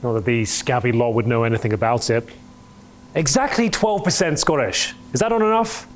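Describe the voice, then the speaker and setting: A man's voice: mid-range voice, brisk, slight background noise. Pompous man in a roomy echo. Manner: pompous, self-important. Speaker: comedy sketch performer. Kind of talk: comedy sketch.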